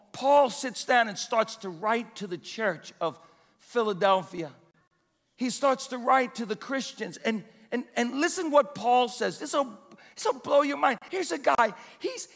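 A pastor preaching a sermon with emphatic, repeated exhortations in a church. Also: male voice, extremely high pitch, fairly bright tone, long reverb tail.

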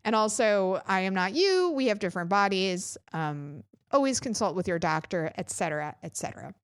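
A woman's voice: medium pitch, lively intonation, normal speed, clean tone, dry recording, clean studio sound. A woman co-hosting a podcast, telling a long candid story in a rambling, casual way. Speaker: podcast co-host. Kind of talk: casual chat.

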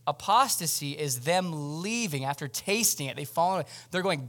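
A pastor with a notably high voice preaches in a relaxed, conversational way, often turning to address his listeners directly. He delivers his sermon from the pulpit of a church service. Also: normal speed, hardly any pauses.

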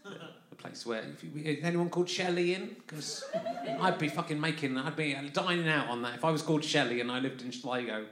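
Amid crowd noise, a Londoner with a fairly high voice hosts a live comedy podcast at a festival, talking fairly quickly. His monologue to the audience wanders and chats along, frequently interrupted by his own laughter, in a roomy venue.

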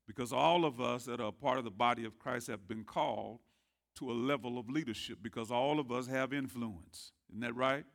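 Gravelly, bright-voiced preacher man. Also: brisk. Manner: call-and-response preaching, swings from low murmurs to loud rising exclamations. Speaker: pastor. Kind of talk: sermon. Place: church sanctuary.

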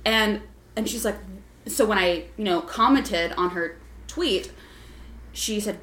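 A woman telling a story on a casual podcast chat, profane and ranting, full of swearing and quick asides. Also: medium pitch, fairly bright tone, a little hiss or hum. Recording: echoey room.

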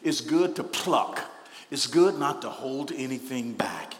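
A male pastor preaching a sermon, moving between quiet teaching and loud, spontaneous outbursts of praise, laughing and calling on the congregation to respond. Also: medium pitch, expressive, unhurried. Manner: swings from soft teaching to shouted, spontaneous praise; laughs often and calls out to the congregation. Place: church sanctuary. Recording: echoey hall, long reverb.

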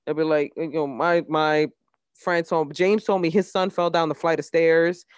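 A young woman co-hosting a casual podcast, telling an animated story with laughter and acted quotes. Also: low voice, normal speed, smooth, dry recording, studio quality. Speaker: podcast co-host. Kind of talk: casual chat.

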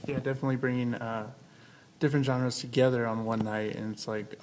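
A man hosting a music spotlight show, asking questions in a halting, friendly way with many fillers. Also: mid-range voice, flat delivery, a little hiss or hum. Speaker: radio show host. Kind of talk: casual interview.

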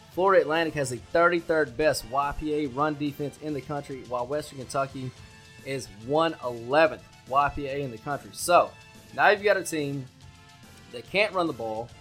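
A man co-hosting a sports betting podcast, talking loudly and brashly with lots of swearing and hype. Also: a little high, moderate pace, faint music behind. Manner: loud, brash, profane and hyped. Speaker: podcast co-host.

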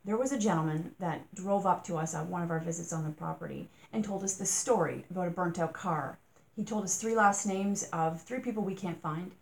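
A woman's voice: on the low side, brisk, vocal fry. A woman hosting a true-crime podcast, talking casually through her thoughts, asking rhetorical questions and sometimes getting exasperated.

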